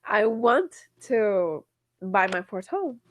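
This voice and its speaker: A woman's voice: medium pitch, big pitch swings, slow pace, no room sound. A woman co-hosting a podcast in casual chat, blunt and emphatic, swearing casually. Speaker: podcast co-host.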